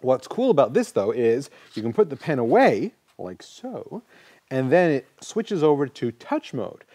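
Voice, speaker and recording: Man, co-host, casual tech show banter, jokey and rambling, warm dark voice, dry close sound. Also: mid-range voice, very animated, unhurried, slightly rough, no echo. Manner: joking, rambling, self-correcting.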